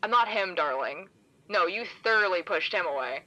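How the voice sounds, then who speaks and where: A woman's voice: fairly low pitch, lively intonation, moderate pace, sharp tone, rough recording. A woman voicing a mocking, theatrical shadowy figure with a playful, sing-song delivery. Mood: teasing.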